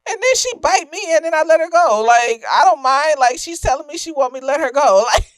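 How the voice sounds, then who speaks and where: A woman's voice: high voice, lively intonation, a little fast, dry recording. A young woman giving a casual, slightly tipsy film review, profane and emphatic, laughing often.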